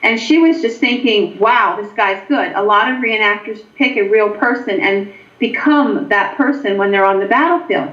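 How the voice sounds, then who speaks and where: A woman's voice: mid-range voice, normal speed, a bit bright. Echoey woman telling ghost stories. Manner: anecdotal, hesitant with frequent ums. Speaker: guest author and paranormal investigator. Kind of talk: storytelling in a show interview. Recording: echoey, dull lo-fi line.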